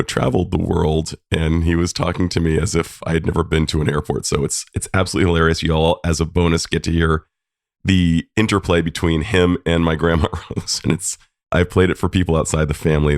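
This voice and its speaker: Deep gravelly man telling family stories. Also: dry recording, clean studio sound. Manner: warm, laughing storytelling. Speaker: podcast host, psychologist. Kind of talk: personal storytelling.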